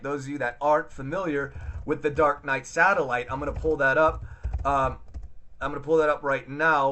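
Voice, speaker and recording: A man's voice: on the high side, bright, forceful tone. A man hosting a casual live chat, thinking aloud with many restarts and fillers while answering viewer comments. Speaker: livestream host.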